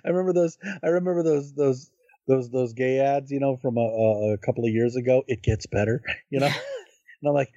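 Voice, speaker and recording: A podcast co-host who rambles through casual film talk, stalling on many fillers and restarts. His voice sits at an average pitch for a man. The recording sounds dull and very dry. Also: brisk, warm tone, dry recording. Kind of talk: casual chat about films.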